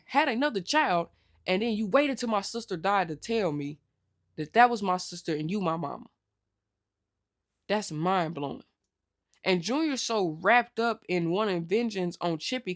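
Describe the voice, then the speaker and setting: A woman hosting a casual TV recap vlog, telling the episode in lively slang and acting out the characters' lines. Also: mid-range voice.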